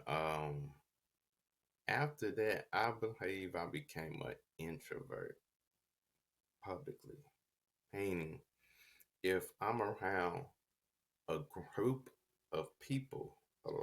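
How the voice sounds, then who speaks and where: A man's voice: low-pitched, creaky, fairly bright tone. A man telling his own story on a podcast in a reflective, confessional way, stuttering and restarting words as he goes. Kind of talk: personal storytelling.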